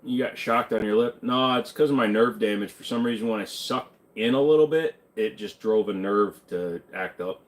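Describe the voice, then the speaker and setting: A man's voice: on the low side, normal speed, hardly any pauses. A man hosting a live question-and-answer stream, talking in a loose, rambling way and swearing freely. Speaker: livestream host answering chat questions. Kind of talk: casual livestream Q&A.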